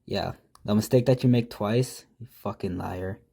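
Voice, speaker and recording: Low mellow guy reading out creepy texts, swearing and mocking the whole time. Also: moderate pace, gravelly, breathy edge. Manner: profane, mocking, exasperated commentary. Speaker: prank storyteller. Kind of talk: casual storytime reading out texts.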